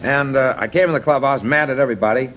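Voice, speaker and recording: A middle-aged man, a baseball manager and guest on a TV talk show, telling blunt, jokey anecdotes in animated chat. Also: medium pitch, quick pace, lo-fi sound.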